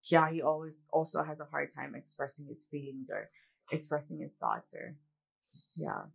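A woman's voice: low-pitched, big pitch swings, moderate pace, vocal fry, breathy edge. A woman co-hosting a podcast, talking candidly and reflectively about her relationship in a casual chat, full of "like"s. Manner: candid, reflective storytelling with many "like"s. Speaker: podcast co-host.

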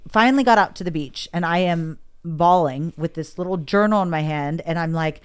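A woman's voice: on the low side, normal speed, smooth. A woman candidly recounting a hard personal experience in conversation, emotional and quoting herself and others as she talks.

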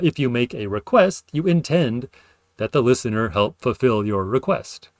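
A man's voice: mid-range voice, dry recording. A man hosting a spoken lecture, thinking aloud with fillers and self-corrections as he explains ideas. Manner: acts out example sentences with playful intonation. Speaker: podcast host explaining linguistics.

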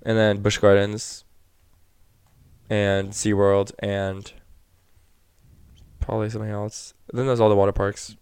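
A man's voice: on the low side, flat delivery, unhurried, long pauses, darkish tone, smooth, no echo. A man from Florida talking casually on a podcast, recorded close and dry with little room sound. He teases his co-host good-naturedly. He trails off into rambling, restarted sentences. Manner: rambling, hesitant, teasing. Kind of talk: casual chat.

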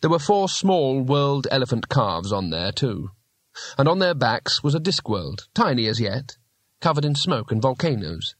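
A man reading a fantasy novel aloud as an audiobook narrator, in a measured storytelling manner. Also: medium pitch, very animated, dry recording. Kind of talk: scripted narration.

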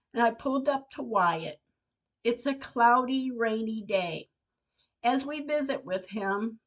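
An older woman, a podcast host, reading her personal diary entries aloud in an earnest, heartfelt way. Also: a little high. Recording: dull lo-fi recording.

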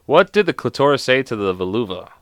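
A man reads out a stack of groan-worthy jokes, cursing and mocking himself between them. His voice swings widely in pitch as he gets exasperated. The sound is close and dry, with no room echo. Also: very animated, brisk, a bit bright, smooth. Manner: swears a lot, laughs at and mocks his own jokes; self-deprecating, exasperated. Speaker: video host. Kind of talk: reading jokes aloud to camera.

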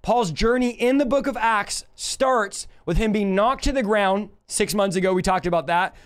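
Earnest, smooth-voiced male Bible teacher. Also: high voice, normal speed. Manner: earnest, reads scripture aloud, grows emotional.

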